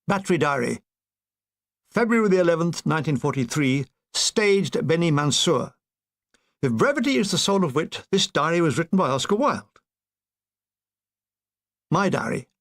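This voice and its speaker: A man reading a comic war memoir aloud, landing his puns with deadpan timing. His voice sits high and has a gravelly rasp. His pitch moves around a great deal. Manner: deadpan, playful punning delivery. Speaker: narrator.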